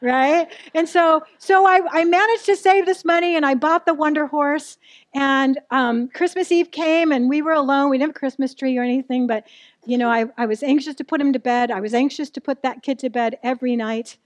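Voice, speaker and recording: A woman's voice: high-pitched, brisk, no echo. A middle-aged woman preaching a sermon, telling a candid personal story and asking the audience questions. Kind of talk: sermon to a live church audience.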